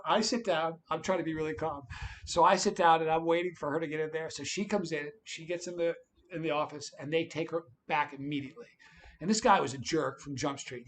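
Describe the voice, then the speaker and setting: A man hosting a livestream, telling a story in a lively, casual way. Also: on the high side. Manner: animated, tells stories with quoted voices. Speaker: livestream host.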